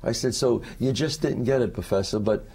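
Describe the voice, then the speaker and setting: Lively man telling stories in an interview. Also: medium pitch, a little fast, vocal fry, breathy edge. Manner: lively storyteller who acts out the quotes. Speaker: actor, interview guest. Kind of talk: animated anecdote telling.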